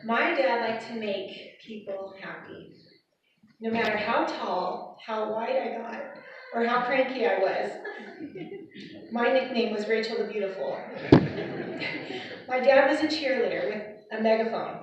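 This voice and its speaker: Woman, read-out eulogy, steady delivery, somewhat high voice, dull distant sound. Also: unhurried, long pauses, noisy background. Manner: steady, read from a script, with light laughs. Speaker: daughter giving a eulogy. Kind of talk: prepared eulogy read aloud. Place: funeral service hall. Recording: echoey hall, far from the mic, dull.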